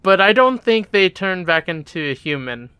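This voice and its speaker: A woman co-hosting a casual chat in an animated, chatty way. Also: lowish voice, normal speed, smooth, no room sound, studio quality. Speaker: podcast co-host.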